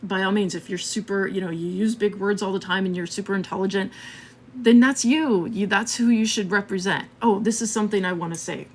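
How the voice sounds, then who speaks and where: A woman's voice: medium pitch, fairly quick, a little mellow, a little hiss or hum. A woman hosting a live marketing stream, talking casually and a bit scattered, laughing often and checking in with "okay?".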